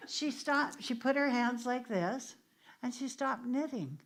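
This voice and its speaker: A woman's voice: a little high, slow pace, fairly bright tone, slight background noise. A middle-aged woman minister from the United States, leading an informal discussion and telling stories with restarts and asides. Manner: conversational, storytelling, with restarts and asides. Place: church meeting room.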